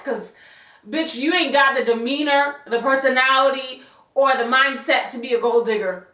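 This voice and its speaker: A young woman telling a personal story to her channel in a chatty, animated way full of slang and asides. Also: high voice, moderate pace. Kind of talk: casual storytime. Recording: echoey room.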